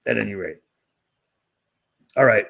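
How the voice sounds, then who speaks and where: A man's voice: lowish voice, unhurried, gravelly, a bit bright, husky. A man from Boston hosting a livestream, talking in a sarcastic, agitated, rambling rant while sharing his screen. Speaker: livestream host. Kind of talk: ranting livestream commentary.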